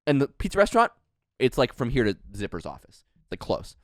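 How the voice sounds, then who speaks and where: Animated man telling a wild story. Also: mid-range voice, fairly quick, no echo, clean studio sound. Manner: animated, swearing, acts out quotes. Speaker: podcast host. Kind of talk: casual storytelling chat.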